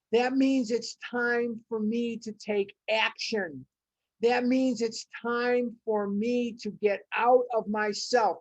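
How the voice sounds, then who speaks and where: A woman's voice: on the high side, a little mellow, no echo. A woman leading a recovery study group, reading passages aloud and commenting on them with emphatic, repeated phrases. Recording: dull, muffled audio.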